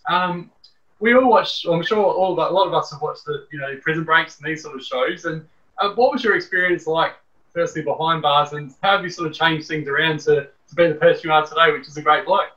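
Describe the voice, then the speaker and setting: A host asks his guest questions in a hesitant, friendly way. His voice is sharp and bright and a little high, but he sits well off the mic on a dull, lo-fi recording. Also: brisk, recorded from a distance. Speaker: podcast host. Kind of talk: interview questions.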